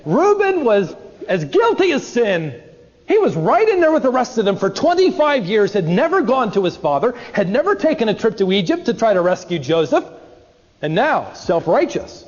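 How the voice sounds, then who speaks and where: Brief: emphatic, high-voiced male pastor preaching, dull sound with long hall reverb. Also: sing-song, normal speed, darkish tone. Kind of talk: sermon.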